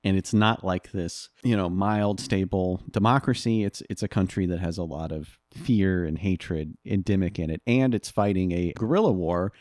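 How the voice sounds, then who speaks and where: A man's voice: deep voice, normal speed, few pauses, a little mellow, dry recording, clean studio sound. A man co-hosting a casual history podcast, telling anecdotes and laughing at them. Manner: storytelling, laughs at his own anecdotes. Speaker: podcast co-host.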